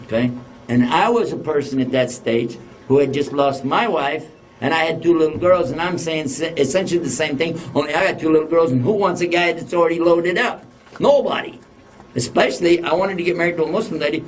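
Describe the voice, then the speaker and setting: Older male preacher, animated storyteller, slightly high voice, distant mic. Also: a little fast. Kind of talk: storytelling lecture.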